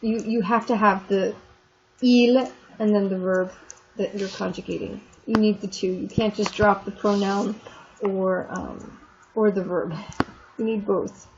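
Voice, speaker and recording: A woman's voice: medium pitch, fairly even intonation, a little mellow. Chatty woman teaching French, lo-fi. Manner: chatty, explains slowly, stretches French words. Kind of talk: recorded online lesson. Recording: dull lo-fi screen recording with faint noise.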